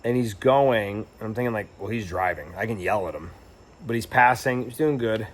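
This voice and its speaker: A man's voice: fairly low pitch, normal speed. Rambling man telling a travel story. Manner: rambling, reflective, with many fillers and restarts. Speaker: travel vlogger. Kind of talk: casual storytelling monologue.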